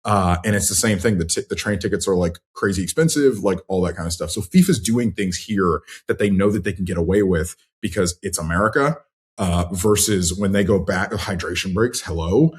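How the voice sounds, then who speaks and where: Lower-voiced man ranting animatedly. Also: fairly quick. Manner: animated, exasperated rambling. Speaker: podcast cohost. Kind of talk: casual podcast chat.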